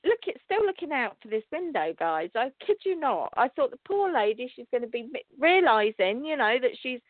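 A woman hosting a spiritual talk show, telling a story to her listeners in a chatty, excitable way with restarts and laughter. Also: high-pitched, moderate pace, no room sound. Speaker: show host and psychic reader. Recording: tinny phone-line sound.

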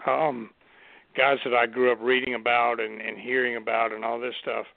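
A man's voice: medium pitch, little pitch movement, moderate pace, creaky, no room sound. A man co-hosting a casual chat show, rambling with frequent restarts and easy laughs. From Southern United States. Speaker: co-host. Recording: tinny phone line.

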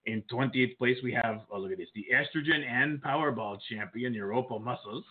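A man's voice: medium pitch, fairly quick. A man co-hosting a casual show, reading out rankings with flirty, joking asides. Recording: tinny phone-like line.

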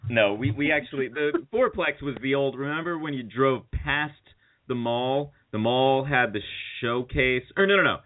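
A man's voice: mid-range voice, normal speed. A man hosting a podcast, telling a story in a rambling way and laughing as he goes. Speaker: podcast host. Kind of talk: casual chat, storytelling. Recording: tinny phone-like sound.

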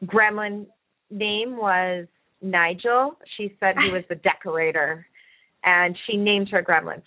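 Encouraging woman host over a tinny phone line. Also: mid-range voice. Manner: earnest, encouraging, talks at length. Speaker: podcast host and coach. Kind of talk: conversational podcast discussion.

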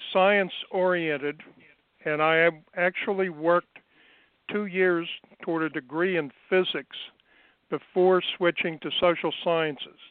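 Guy guesting on an interview, clear smooth voice, measured with lots of ums, dry phone-line sound. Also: a little high, dry recording. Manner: unhurried, measured, with fillers. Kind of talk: remote interview, recounting experiences.

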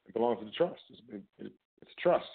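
A man's voice: fairly low pitch, expressive, fast talker, creaky, slightly rough. A man hosting a talk show, speaking in a casual, emphatic, instructional way and often repeating filler phrases. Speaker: podcast host. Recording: phone-like narrow band audio.

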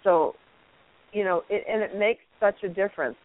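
This mid-range female voice moves at a normal speed, with crowd noise behind her on a tinny phone connection. Guest-hosting an inspirational radio interview by phone, she sounds warmly spiritual, gushing and uplifting.

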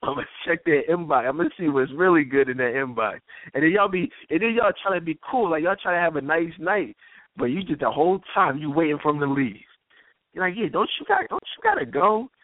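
A man's voice: on the high side, brisk, no echo. A man hosting a call-in talk show, telling stories casually, laughing often and acting out quoted voices. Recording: tinny phone-line sound, dry.

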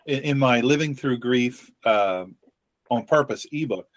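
A man hosting a faith-based podcast, talking earnestly with frequent restarts and pauses. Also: mid-range voice, no echo. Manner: earnest, halting with many restarts. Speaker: podcast host.

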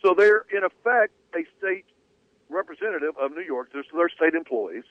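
Man, sports radio co-host, relaxed conversational delivery, slightly high voice, dry phone-like audio. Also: normal speed, dry recording. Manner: conversational, hedging with fillers. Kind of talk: sports talk radio storytelling.

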